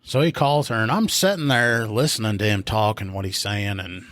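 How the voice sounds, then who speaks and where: A man tells a work story on a podcast, in a voice on the low side. The sound is close and dry with no room around it. He lifts his pitch to act out the people he quotes. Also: normal speed, fairly bright tone, no echo. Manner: storyteller who acts out quotes in a raised voice. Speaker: podcast co-host, field training officer. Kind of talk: casual storytelling chat.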